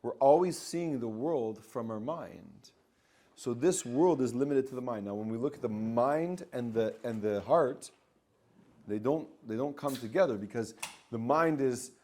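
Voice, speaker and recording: A male coach speaks in a middle-pitched voice and teaches spiritual ideas to a small group. He talks in an animated way, repeats phrases as he goes, and now and then acts out the inner voice of a listener. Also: measured pace. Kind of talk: teaching talk.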